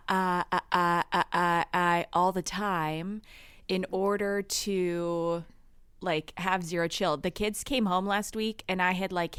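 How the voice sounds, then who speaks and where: A woman's voice: lowish voice, fairly bright tone, clear, resonant tone, no echo. A woman in her thirties co-hosting a podcast in casual chat, giggly and rambling as she tells stories. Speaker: podcast co-host.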